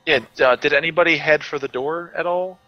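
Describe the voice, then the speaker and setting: A man's voice: fairly high pitch, a little fast, dull audio. A man playing a tabletop game, asking the game master questions. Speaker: player. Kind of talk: casual tabletop play.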